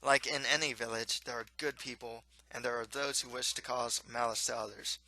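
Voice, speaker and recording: A man reading his own storybook aloud in a steady, plain manner. His voice is very bright and cutting. The sound is dry and close, with no room around it. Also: mid-range voice, moderate pace, no room sound, poor audio. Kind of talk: storybook narration.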